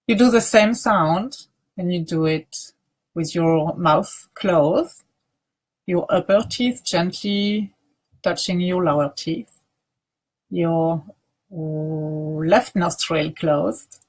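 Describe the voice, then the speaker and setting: Woman, meditation teacher, soft halting delivery, unhurried pace. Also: lowish voice. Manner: soft, halting, with many pauses and restarts. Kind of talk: guided grounding practice.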